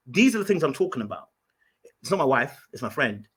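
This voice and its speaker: A man with a husky, slightly raised voice tells a story on a podcast. He talks with emphasis and keeps circling back over his own words, restarting phrases as he goes. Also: fairly high pitch, very animated, quick pace, a bit bright. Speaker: podcast host.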